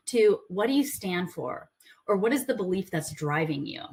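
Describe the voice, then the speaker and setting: A woman's voice: medium pitch, lively intonation, normal speed, darkish tone. A woman business coach giving a conversational talk to a group, earnest with playful asides.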